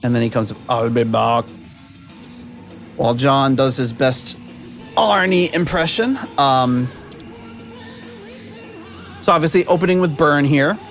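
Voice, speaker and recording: A man's voice: on the high side, animated, a little slow, long pauses, fairly bright tone, soft background music. A man hosting a podcast in casual chat over a video call, rambling with lots of fillers and frequent laughs. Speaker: podcast host.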